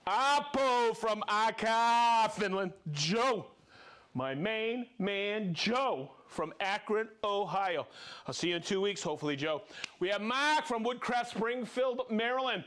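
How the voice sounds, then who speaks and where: A man hosting a live product show, reading out viewer shout-outs with exuberant, playful energy, whooping and joking between names. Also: sits high, slow.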